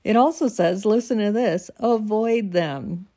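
A woman's voice: mid-range voice, measured pace, mellow. A woman reading devotional notes and scripture aloud, then chatting about them loosely and laughing at herself. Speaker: devotional reader. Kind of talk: casual devotional reading and commentary.

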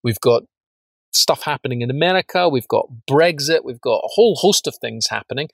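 A man's voice: mid-range voice, animated, a little fast, gravelly, slightly rough, no room sound. A man teaching a business course, asking rhetorical questions and stressing words emphatically, with frequent repeats. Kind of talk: spoken lesson on facts and truth.

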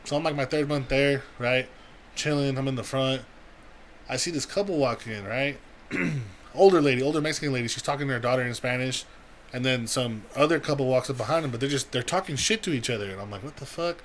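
A man's voice: medium pitch, fairly quick, fairly bright tone, slight background noise. A young man telling a long, profane story on a podcast in casual chat, acting out the people he quotes. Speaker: podcast co-host.

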